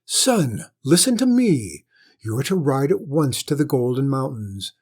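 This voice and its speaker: A man voicing a haughty, greedy noble lady and mother in a storybook reading, with a shrill, insistent manner. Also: big pitch swings, a little slow, a little mellow.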